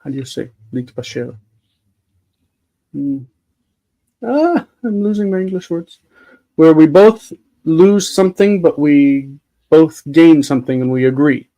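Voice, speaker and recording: Mellow-voiced man explaining Hebrew grammar. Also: fairly high pitch, animated, unhurried, pauses often, low-quality recording. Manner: explains grammar patiently, with many fillers. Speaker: host and Hebrew teacher. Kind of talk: live Bible-reading discussion.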